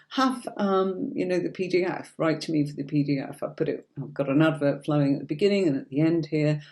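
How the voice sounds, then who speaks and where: A woman's voice: low-pitched, mellow. A woman from Yorkshire with a faint Yorkshire accent, teaching tarot on a livestream in a chatty, reassuring way and calling viewers darling. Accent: light Yorkshire English. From Yorkshire, England.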